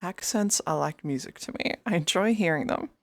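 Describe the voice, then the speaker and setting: A woman's voice: lowish voice, brisk, dry recording. A woman streamer chatting casually and rambling, often breaking into giggles. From outside the US. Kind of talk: casual livestream chat.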